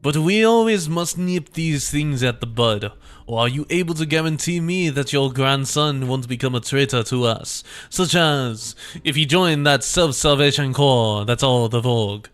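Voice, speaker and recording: A man's voice: medium pitch, brisk, bright, forceful tone, faint music behind, natural voice. A man voicing a suave villainous male factory overseer in a put-on French accent, in a pompous manner. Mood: smooth, menacing.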